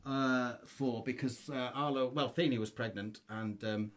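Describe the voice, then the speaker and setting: A man musician from Cornwall co-hosting a live stream, making quiet, wry asides and talking about their songs. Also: mid-range voice, fairly even intonation, measured pace. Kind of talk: casual live-stream chat.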